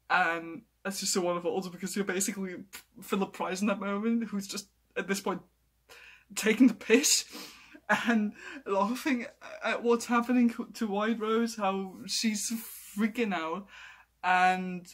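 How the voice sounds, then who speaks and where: A man reviewing a TV episode in excited casual chat, often repeating himself and restarting his words. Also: sits high, moderate pace.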